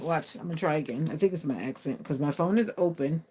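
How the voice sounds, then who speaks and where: A woman's voice: low voice, a little fast, few pauses. A woman chatting casually on a live stream, answering viewer comments aloud and talking to her phone. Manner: talks to her phone assistant.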